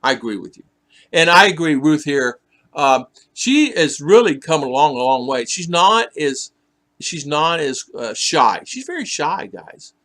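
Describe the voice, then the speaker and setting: A chatty man hosts a casual live stream and answers viewers' comments one by one. His voice is bright and forceful and sits a little high for a man, and he teases people in a playful tone. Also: sing-song, measured pace. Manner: teasing, chatty, laughs often. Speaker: live stream host reading chat.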